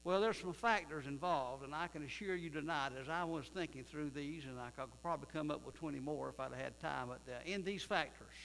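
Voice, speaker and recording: A man's voice: fairly high pitch, brisk, creaky, few pauses, fairly bright tone. A man, a pastor preaching a sermon in a church, folksy in manner and building to emphatic preaching. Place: church sanctuary. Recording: distant reverberant room with mains hum.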